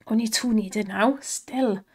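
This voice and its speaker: An excitable woman commenting on slot spins and cheering the reels on, her voice strained from shouting. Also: on the high side, slow, slightly rough. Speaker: slot streamer.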